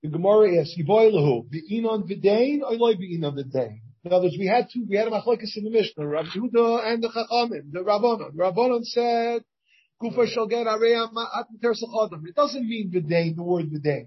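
A rabbi teaching a Talmud class, reading passages and explaining them phrase by phrase with frequent restarts. His voice sits high and sounds husky. The recording is dull and lo-fi. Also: expressive, fairly quick. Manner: reads Hebrew and Aramaic text and translates it, with many restarts.

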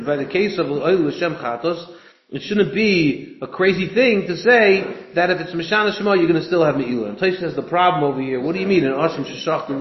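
A man talks through a Talmud passage with his study partners. He thinks aloud and slips into a singsong chant on the quoted text. The voice sits a little high, and the sound is dull and lo-fi, with a roomy echo. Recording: echoey room, dull lo-fi sound.

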